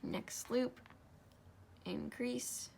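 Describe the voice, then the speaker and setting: A woman's voice: fairly high pitch, very slow, gravelly, a little mellow, a little hiss or hum. A sleepy young woman walks through a craft project in a casual, chatty way. She keeps correcting herself and apologizing as she goes. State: sleepy, yawning. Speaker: craft tutorial host. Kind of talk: casual step-by-step tutorial.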